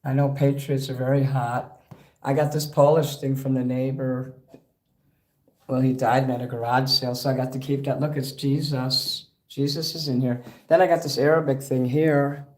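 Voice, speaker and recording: A man hosts a casual livestream, talking at an ordinary middle pitch. He rambles from one thing to the next and swears freely. He gets excitable as he goes. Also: normal speed. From Chicago. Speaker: livestream host.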